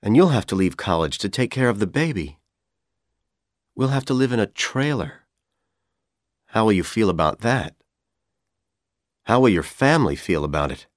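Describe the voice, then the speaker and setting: A man reading an audiobook, voicing a handsome, scheming young college man who talks calmly and persuasively. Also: fairly low pitch, normal speed, long pauses, dry recording, clean studio sound. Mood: persuading. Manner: calm, coaxing, persuasive.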